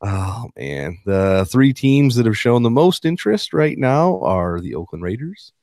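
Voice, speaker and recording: Male podcast co-host, low voice, casual sports chat, dry sound. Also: unhurried, dry recording. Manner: laughing, animated when reading quotes.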